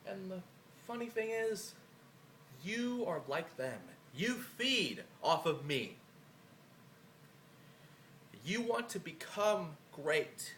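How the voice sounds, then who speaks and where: A man delivers a taunting, profane wrestling promo, his boastful voice riding high and swinging widely in pitch. His voice sounds a bit worn. It is recorded in an echoey room with a faint hum of ambience behind him. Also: big pitch swings, slow pace, a bit bright. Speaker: e-federation wrestler cutting a promo. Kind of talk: trash-talking wrestling promo.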